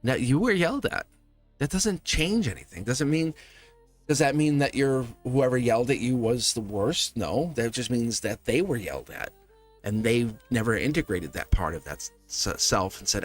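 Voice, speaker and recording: A man's voice: medium pitch, lively intonation, normal speed, soft background music. A man giving a live tarot reading to his viewers, talking animatedly, acting out quoted voices and laughing often. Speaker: tarot reader.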